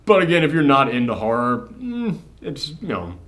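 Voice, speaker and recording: Male film reviewer, mid pitch, chatty spoiler recap, animated delivery with filler words and swearing. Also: normal speed. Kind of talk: casual spoiler review chat.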